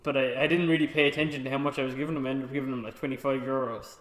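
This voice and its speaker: A man with an Irish accent chatting casually on a podcast in a quick, laid-back way and laughing easily. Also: mid-range voice, fairly even intonation, fairly bright tone, roomy sound. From Ireland. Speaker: podcast guest. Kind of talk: casual chat.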